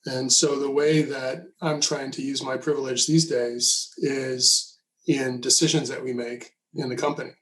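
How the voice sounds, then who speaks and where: A man with a mid-range voice speaks on a podcast in a calm, thoughtful manner. He weighs his words as he talks, with a conversational tone. His pitch sits in the middle for a man. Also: unhurried, low-quality recording. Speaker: podcast co-host. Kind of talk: conversational discussion.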